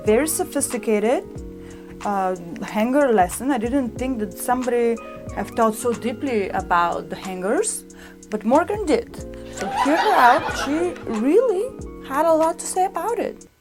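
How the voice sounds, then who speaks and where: A young woman reacting to a fashion show as a vlogger, joking and telling stories playfully. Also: a little high. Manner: playful, joking, lively storytelling. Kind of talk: comedic reaction commentary. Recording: music playing underneath.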